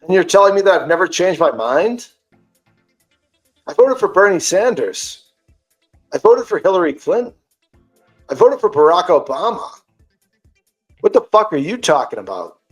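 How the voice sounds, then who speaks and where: A podcast host, a man, retelling an online argument in a casual, animated and profane way. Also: high voice, moderate pace, pauses often, echoey room, faint music behind, rough recording. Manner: animated, profane, indignant storytelling.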